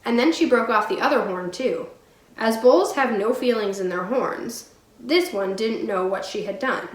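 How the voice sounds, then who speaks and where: A woman teacher reads a storybook aloud in a clear, steady way. Her voice sits a little high. The room around her is echoey. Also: moderate pace.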